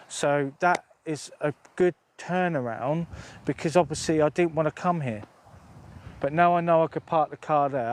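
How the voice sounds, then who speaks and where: Middle-aged outdoorsman, slightly high voice, rambling and sweary, phone mic outdoors. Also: a little hiss or hum. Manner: rambling, chatty, swears freely. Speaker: outdoor vlogger. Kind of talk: casual live-stream chat. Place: outdoors on open moorland by a tent.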